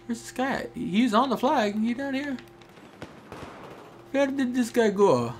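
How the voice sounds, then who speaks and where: A man's voice: extremely high pitch, lively intonation, measured pace, slight background noise. A young man giving casual, chatty commentary while playing a shooter game, talking to teammates and viewers. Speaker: gameplay streamer. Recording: faint game gunfire behind.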